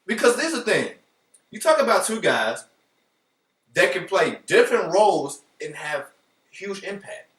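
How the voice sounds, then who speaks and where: A man hosts a relaxed sports talk show with plenty of playful energy, calling out to his listeners as he goes. His voice is bright and forceful, and a little high for a man. It comes from a bit off the mic, in a room with a noticeable echo. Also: moderate pace, pauses often, distant mic. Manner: animated, playful, addresses listeners as folks. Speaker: podcast host.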